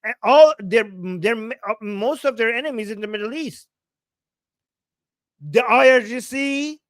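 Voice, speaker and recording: A man's voice: very high voice, lively intonation, slow pace, dry recording. A man hosting a political livestream, ranting with emphatic repetition and swearing, reading out viewer super chats. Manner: ranting, emphatic, profane, repeats phrases for force. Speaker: livestream host. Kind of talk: heated political livestream talk.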